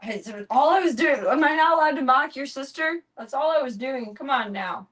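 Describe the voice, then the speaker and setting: A woman's voice: high voice, lively intonation, normal speed, fairly bright tone. A young woman streaming from home, chatting casually, swearing freely, and cooing baby talk at her pets. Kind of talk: casual live-stream chat.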